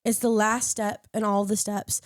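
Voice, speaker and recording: A woman's voice: medium pitch, level tone, moderate pace, no room sound, clean studio sound. A young woman on a podcast panel, candidly telling a personal story in casual chat and acting out what others said. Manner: candid storytelling, acts out quoted lines.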